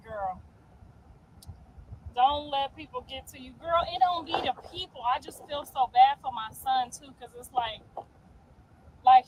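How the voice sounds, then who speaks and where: A high-pitched woman speaks straight to her audience in a livestream rant. She talks in heated, profane bursts and circles back over the same points for emphasis. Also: slight background noise, rough recording. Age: 50s.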